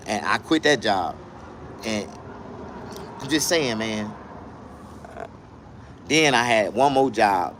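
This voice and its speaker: Profane, animated male storyteller. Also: on the low side, slow, long pauses, slight background noise. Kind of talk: comedic storytelling.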